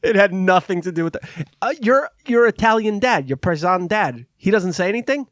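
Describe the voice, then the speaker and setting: A man's voice: high-pitched, lively intonation, fairly quick, fairly bright tone, dry recording, clean studio sound. A man co-hosting a podcast, teasing his friend and joking around in casual chat. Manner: teasing, jokey. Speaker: podcast co-host.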